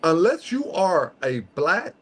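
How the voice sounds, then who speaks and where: Male host with a high voice, casual and slangy, emphatic, fond of rhetorical check-ins. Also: sing-song, takes it slowly, a bit bright, breathy edge. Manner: emphatic, peppers points with "okay?"; slangy, conversational. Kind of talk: casual podcast chat.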